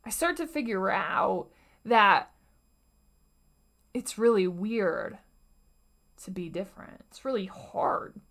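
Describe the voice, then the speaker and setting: A woman in her young adult years hosts a motivational podcast on her own, with a fairly high voice. Her delivery is slow and unhurried. She speaks earnestly and acts out inner voices, now and then sinking to a hush. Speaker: podcast host. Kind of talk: motivational solo podcast talk.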